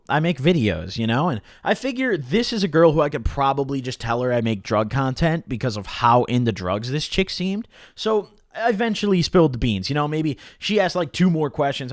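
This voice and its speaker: A young man telling a story on his vlog in a casual, animated way, swearing often and dropping low and quiet when he quotes himself. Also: no echo, studio quality. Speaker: YouTuber.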